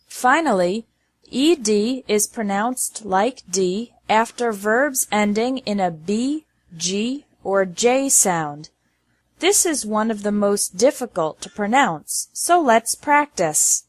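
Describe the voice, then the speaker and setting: A woman teaching English pronunciation, reading word lists slowly and enunciating each word with care. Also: medium pitch, animated, no room sound. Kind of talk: slow scripted lesson narration.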